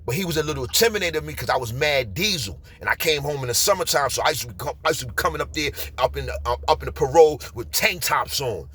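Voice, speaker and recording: A man in his forties with a New York accent, telling street stories in a casual, animated way. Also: on the high side, fast, hardly any pauses, slightly rough. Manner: streetwise, animated, repeats "you heard?". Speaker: storyteller. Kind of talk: casual storytelling.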